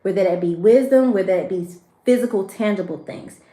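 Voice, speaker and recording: Brisk and dark in tone, a woman with a medium-pitched voice reads tarot on a spiritual livestream. She addresses her viewers directly, emotional and preachy, and her voice is reverberant.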